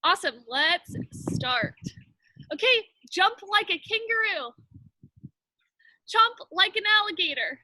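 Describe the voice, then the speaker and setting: High, bright-voiced woman leading kids. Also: expressive, slow, long pauses, dry recording. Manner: cheerful, calling out moves with little laughs. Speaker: children's ministry teacher. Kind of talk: leading a kids' movement game.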